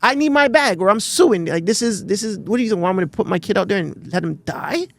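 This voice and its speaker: A Canadian man co-hosting a podcast, chatting casually in animated, rambling bursts with frequent restarts. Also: high voice, brisk, vocal fry. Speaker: podcast co-host. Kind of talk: casual chat.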